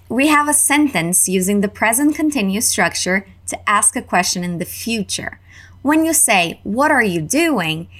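A woman with a Canadian accent teaching an English lesson and repeating phrases slowly for learners. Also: medium pitch, a bit bright. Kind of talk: slow, clear language lesson.

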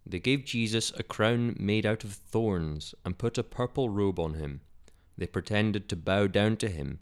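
A man's voice: lowish voice, lively intonation, a little slow. A man reading a Bible story for children in a solemn, dramatic way.

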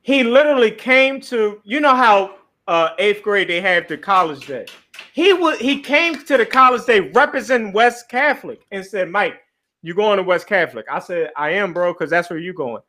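A man's voice: high voice, expressive, moderate pace, sharp tone. A man from Philadelphia telling a laid-back, profane story in casual chat.

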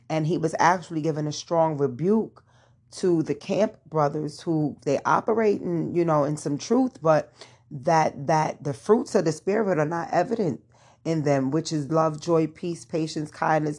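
A woman's voice: deep voice, breathy edge. A young adult woman hosting her own show, casually telling listeners a personal faith testimony, addressing them as y'all with lots of fillers. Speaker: podcast host.

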